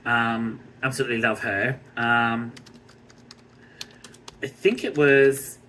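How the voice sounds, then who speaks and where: An Australian man giving a blunt, scornful TV review rant, swearing freely and filling pauses with ums. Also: mid-range voice, steady tone, pushed and bright, a little hiss or hum, rough recording. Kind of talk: ranting review vlog.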